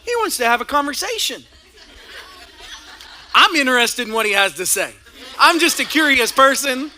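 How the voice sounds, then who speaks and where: Bright, high-voiced, animated pastor. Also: male voice, normal speed, slight background noise. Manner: animated storytelling with frequent laughter. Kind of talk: sermon. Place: church stage before a congregation.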